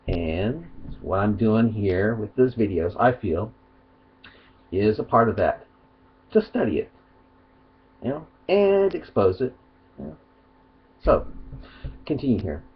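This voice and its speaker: A man's voice: lowish voice, husky, dull audio. A man giving a rambling, argumentative vlog monologue, partly reading aloud, with many restarts. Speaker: video commentator.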